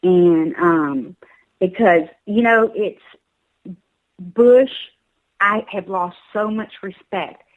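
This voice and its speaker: Southern woman caller, insistent and fired up, trips over her words, mid pitch. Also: extremely slow, pauses often, narrow, tinny audio. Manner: emphatic, urging, repeats words.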